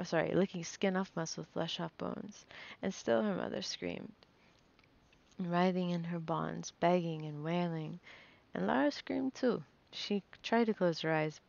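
A woman's voice: lowish voice, creaky, highs cut off. A woman reading a fantasy novel aloud, nervous, stumbling and correcting herself as she goes. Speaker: reader.

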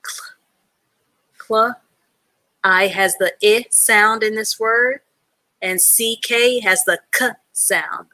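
A woman's voice: mid-range voice, fairly even intonation, takes it slowly, pauses often, pushed and bright, no echo. A woman teaching an adult reading class live online, patiently sounding out letters and words and praising learners from the chat.

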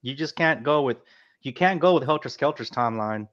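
A man's voice: mid-range voice, animated, a little fast, fairly bright tone. A man on a casual podcast panel, eager and talking over others while correcting himself. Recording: slightly dull lo-fi audio.

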